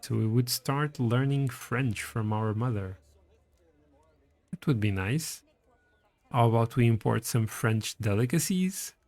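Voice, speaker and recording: A man's voice: mid-range voice, a little slow, pauses often, darkish tone, dry recording. A man casually commenting on his strategy game and reading its text aloud as he plays. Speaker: streamer playing a strategy game.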